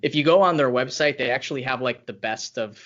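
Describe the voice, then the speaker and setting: A man's voice: medium pitch, fast, fairly bright tone, muffled recording. A man hosting a podcast in an enthusiastic, chatty way, laughing easily. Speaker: podcast host. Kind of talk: casual podcast chat.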